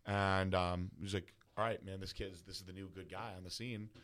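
Male guest, deep voice, candid profane personal story. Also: level tone, a little fast, fairly bright tone. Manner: casual, profane, heavy use of filler words. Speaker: guest bodybuilder.

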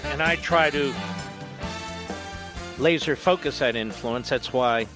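A man hosting a political talk radio show, emphatic and indignant, firing off rapid points. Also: medium pitch, music in the background.

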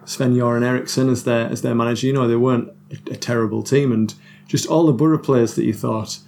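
Gravelly-voiced man, chatty. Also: medium pitch, fairly even intonation, a little fast, a little mellow, slight background noise. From North East England. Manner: chatty, self-deprecating, lots of restarts and laughs. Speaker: guest musician. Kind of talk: casual podcast chat.

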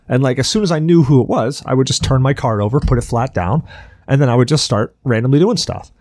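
A man's voice: mid-range voice, a little mellow, no room sound, clean studio sound. A man hosting a podcast, telling a rambling, profane story in casual chat. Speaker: podcast host.

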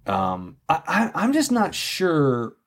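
A man's voice: fairly high pitch, wildly swooping pitch, takes it slowly. A man chatting casually as a podcast guest, laid-back and agreeable. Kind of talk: casual chat.

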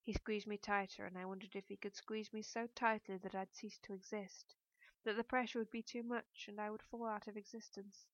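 A woman narrating a first-person novel in a measured, introspective way. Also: mid-range voice, level tone, no echo, muffled recording. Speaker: audiobook narrator.

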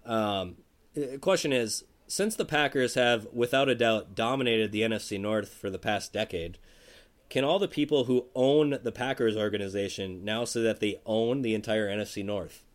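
A man's voice: lowish voice, normal speed. A man co-hosting a sports podcast, talking casually and rambling with lots of fillers and restarts. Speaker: podcast co-host.

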